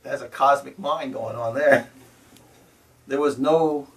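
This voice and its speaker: A man with a gravelly, fry-edged voice teaching on spiritual matters, his speech slow and deliberate. He repeats key words and keeps checking in with "See?" as he goes. He sits a little away from the microphone, so he sounds distant. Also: medium pitch. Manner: tags phrases with "See?" and "You know". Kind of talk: spiritual talk. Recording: voice from a distance to the mic.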